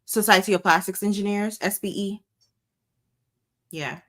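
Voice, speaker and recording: A woman from Ghana, an engineer and podcast guest, explaining things in a measured way with frequent ums. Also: mid-range voice, steady tone, a bit bright. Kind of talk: casual interview chat.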